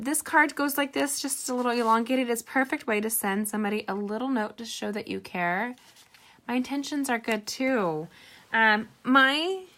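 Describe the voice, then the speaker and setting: A woman's voice: on the high side, sharp tone. A middle-aged woman hosting a casual live card-making tutorial, chatty and rambling with personal asides.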